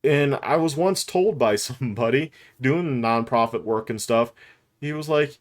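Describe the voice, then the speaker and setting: A man's voice: mid-range voice, unhurried. A middle-aged man giving candid, rambling commentary to the camera, with restarts and chuckles along the way. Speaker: YouTube commentator. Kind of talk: unscripted talking-head commentary.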